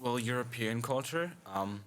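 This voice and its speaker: A man's voice: mid-range voice, animated, measured pace, fairly bright tone. A man on a panel podcast, a guidance counselor, telling casual anecdotes with lots of "like". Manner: casual, anecdotal, many "like" fillers.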